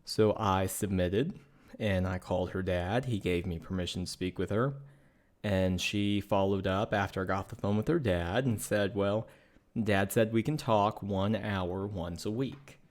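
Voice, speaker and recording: Earnest man telling a dating story. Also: low-pitched. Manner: earnest, measured, matter-of-fact retelling. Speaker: podcast co-host. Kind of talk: personal storytelling.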